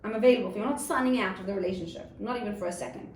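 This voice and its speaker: A woman's voice: medium pitch, racing. A woman giving an earnest talk on parenting to a group, recorded in an echoey room away from the mic. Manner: earnest, animated when acting out a child's outbursts. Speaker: parenting teacher. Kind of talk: lecture to a group. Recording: echoey room, mic at a distance, faint ambience.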